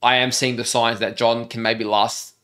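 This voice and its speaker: An Australian man co-hosting a show reviewing a TV episode, talking in an animated, enthusiastic way. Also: mid-range voice, normal speed. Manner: animated, enthusiastic, says "dude" often. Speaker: reaction channel co-host. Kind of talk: casual chat.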